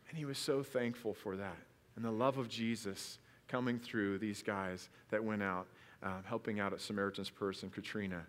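A man's voice: lowish voice, steady tone, moderate pace, in a large hall. A man preaching a sermon at a church service, telling stories and asking rhetorical questions, earnest and building to emphatic peaks. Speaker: pastor.

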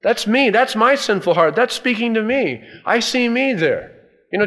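Male pastor, slightly raised pitch, expressive storytelling sermon delivery. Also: moderate pace. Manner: animated storytelling, dropping to hushed tones for emphasis.

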